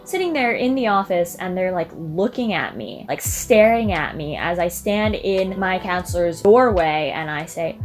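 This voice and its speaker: Young woman vlogger, mid-pitched voice, dramatic storyteller, faint music underneath. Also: normal speed, few pauses. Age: young adult. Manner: dramatic, animated retelling. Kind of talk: casual storytelling to camera.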